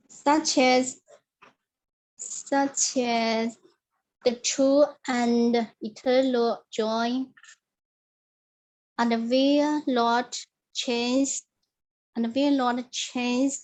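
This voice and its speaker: A woman student reciting a memorized passage in an online English class, carefully and with measured pacing. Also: on the high side, a little mellow, rough recording.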